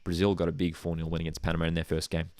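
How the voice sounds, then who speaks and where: Man, low voice, chatty football commentary, excitable, dry close sound. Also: racing, dry recording. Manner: chatty, excitable, jumps up in pitch at key moments. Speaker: streamer hosting a live watchalong. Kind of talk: live football commentary and chat.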